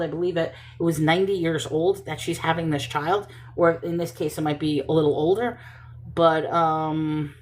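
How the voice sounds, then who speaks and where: A woman reading Bible passages slowly and stopping to question and comment on them in casual talk. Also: sits low. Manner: thinks aloud, questioning and self-correcting; reads scripture slowly and deliberately.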